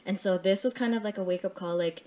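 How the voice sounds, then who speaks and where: A woman's voice: mid-range voice, fast, dark tone, a little hiss or hum. A young adult woman who works as a lash tech, talking in a candid, casual way, laughing often and swearing freely. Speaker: lash tech and podcast co-host. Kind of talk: casual chat.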